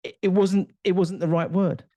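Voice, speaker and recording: A man's voice: high-pitched, fairly even intonation, normal speed, mellow, dry recording. A man hosting a podcast interview, chatting casually and telling personal anecdotes. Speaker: podcast host.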